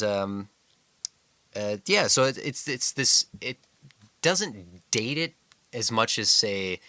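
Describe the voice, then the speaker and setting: A man with a low, forceful voice co-hosts a film podcast. He talks in a measured, analytical way. His voice is close and dry, with no room sound. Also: dry recording. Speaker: podcast co-host. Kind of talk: casual film discussion.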